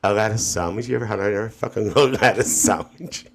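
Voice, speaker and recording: A man's voice: lowish voice, moderate pace, noisy background, close to an everyday voice. A man performing a brash, gossiping older Northern Irish auntie with a Northern Irish accent, telling rambling stories on a comedy livestream. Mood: gossipy. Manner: rambling anecdotes with frequent "dear" and "uh-huh". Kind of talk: character comedy monologue on a livestream.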